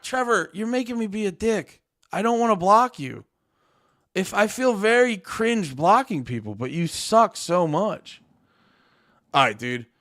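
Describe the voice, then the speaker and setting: A man's voice: mid-range voice, a bit bright. A man streaming live, a comedian ranting at his chat in a profane, exasperated, argumentative way. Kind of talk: livestream rant at chat.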